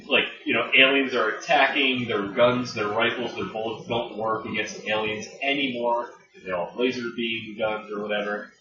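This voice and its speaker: A man's voice: on the low side, steady tone, moderate pace, few pauses. A man co-hosting a podcast in casual chat, rambling and laughing with many fillers. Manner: rambling, laughing, full of likes. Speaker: podcast co-host. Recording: distant, dull, roomy mic with chatter behind.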